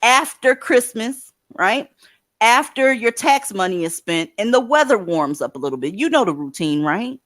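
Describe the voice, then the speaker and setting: A woman's voice: a little high, very animated, normal speed, fairly bright tone, no echo, clean studio sound. A woman hosting a livestream, giving blunt, profane commentary and advice to her callers. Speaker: livestream host.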